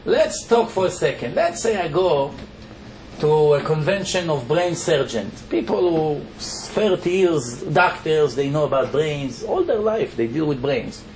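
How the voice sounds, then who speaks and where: A man with an Israeli accent lectures on the Torah as a rabbi, his voice sitting high and forceful. He presses his points with short rhetorical questions and answers them himself. The sound is roomy and echoey, with faint noise underneath. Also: animated, unhurried. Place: lecture hall.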